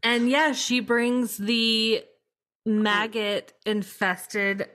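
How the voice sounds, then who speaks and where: A woman's voice: fairly high pitch, steady tone, drawn-out words, fairly bright tone. A woman co-hosting a casual podcast, speaking in short interjections with the odd dry joke. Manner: brief interjections, dry jokes. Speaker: podcast co-host. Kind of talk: casual chat recapping a film.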